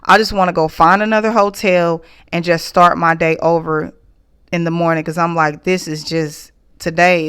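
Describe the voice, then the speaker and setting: A woman, casually recounting a frustrating experience in a vlog, emotional and halting with restarts. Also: on the low side, fairly bright tone, smooth. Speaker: small business owner reviewing an event.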